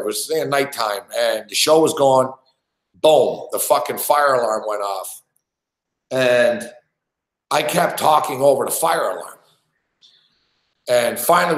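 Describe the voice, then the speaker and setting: A man hosting a sports betting stream tells a long story in a loose, profane, rambling way, stumbling over his words and starting sentences again. His voice sits at a middle pitch. The room around him gives it a noticeable echo. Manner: profane, rambling, many restarts. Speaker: sports betting show host. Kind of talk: casual storytelling. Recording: roomy echo.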